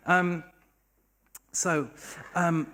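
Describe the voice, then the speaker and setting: Guy doing live storytelling in a bar, wry and self-mocking, kinda high voice. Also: drawn-out words. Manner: wry, self-deprecating, animated. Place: bar stage.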